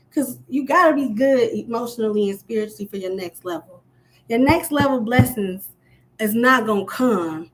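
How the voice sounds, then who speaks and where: A woman chatting casually on her own livestream, telling animated stories full of slang and swearing. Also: a little high. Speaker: live stream host.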